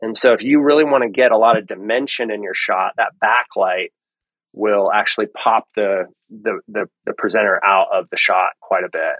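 Guy with a lowish voice walking through lighting tips, lots of ums, dry close mic. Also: moderate pace, dry recording, dull audio. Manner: relaxed explaining, many ums and restarts. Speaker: lighting guest. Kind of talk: casual podcast interview.

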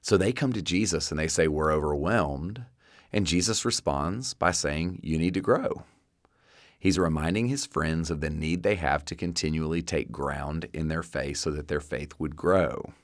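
Very deep-voiced pastor preaching. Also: male voice, moderate pace, hardly any pauses, no room sound, studio quality. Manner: earnest, conversational preaching with frequent "uh" and restarts. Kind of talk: sermon.

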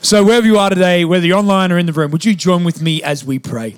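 High-voiced Australian pastor, lively. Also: male voice, clean tone. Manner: lively, self-deprecating, with quick restarts. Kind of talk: sermon with humorous storytelling. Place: church service with a live congregation.

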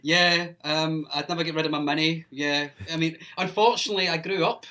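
A man, a former radio presenter telling stories loudly with laughter in a casual chat. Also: a little high, fairly even intonation, brisk. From England. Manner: loud, laughing storyteller.

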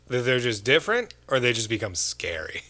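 A man's voice: mid-range voice, big pitch swings, a little fast, pushed and bright. A man co-hosting a podcast in casual chat, dropping dry, wry asides. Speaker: podcast co-host.

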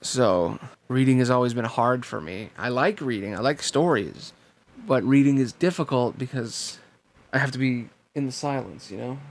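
A man's voice: medium pitch, moderate pace. A man reading a novel aloud and then chatting casually, swearing freely and enthusiastic. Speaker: reader and host.

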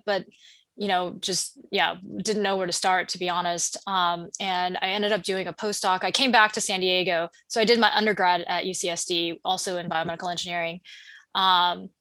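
A woman's voice: medium pitch, steady tone, normal speed, fairly bright tone, dry recording. A woman in her thirties, a startup founder talking as a podcast guest in a casual, chatty way with many fillers and restarts. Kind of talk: casual interview conversation.

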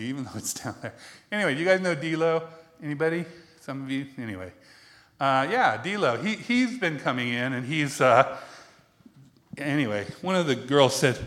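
A man's voice: on the high side, a bit bright. A man giving a conversational sermon to a congregation, chatty and self-deprecating, laughing often and asking the room questions. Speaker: preacher.

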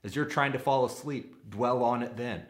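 A man's voice: mid-range voice, normal speed, echoey room. A man giving earnest, practical sermon-style teaching, using everyday analogies.

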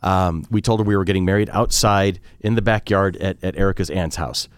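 He's a podcast co-host in his forties, chatting casually and performing quotes in animated stories. His low, smooth voice moves fairly quickly, recorded dry in studio quality.

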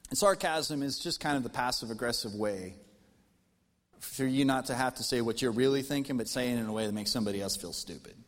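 An American man preaching a sermon as pastor, talking to the congregation in a lively, conversational way with jokes. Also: medium pitch, a little fast. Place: church auditorium. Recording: long reverb from a church hall.

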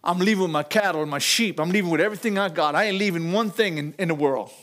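A defiant leader declares he won't leave a single thing behind, as an older preacher acts him out. The delivery is emphatic and stubborn, with a high voice and a drawl. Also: quick pace, a bit bright.

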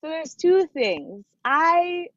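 A woman from Jamaica speaks as a guest, a film representative who answers thoughtfully and pauses often. The recording sounds dull and dry, with the top end muffled and no room around her voice. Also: very high voice, very animated, fairly bright tone, no room sound. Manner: thoughtful, with frequent "um" and "you know". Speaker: documentary film organization representative. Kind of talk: interview answers.

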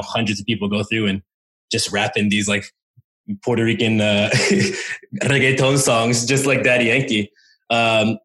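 A man's voice: mid-range voice, fairly bright tone. A man answering interview questions as a language coach, explaining with enthusiasm and demonstrating sounds aloud.

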